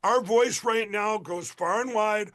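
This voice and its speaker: A man's voice: high-pitched, a little slow, a bit bright. A middle-aged man from Minnesota, a political candidate guest on a radio interview, talking in a rambling, emphatic way with many restarts.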